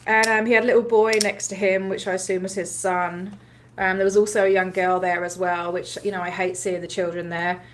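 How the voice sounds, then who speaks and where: A woman casually telling a story on a livestream, animated, laughing often, with many ums and likes as she acts out what others said. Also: mid-range voice, brisk, a little hiss or hum. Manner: acts out other people's lines while retelling. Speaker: livestream host recounting a protest.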